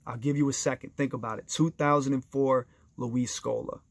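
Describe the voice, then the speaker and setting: Man, casual storytelling, upbeat, chatty, mid pitch, dry close sound. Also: fairly even intonation, moderate pace, gravelly, no room sound. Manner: enthusiastic, conversational, addresses listeners directly; briefly acts out other people's voices in quoted dialogue. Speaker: storyteller sharing basketball anecdotes.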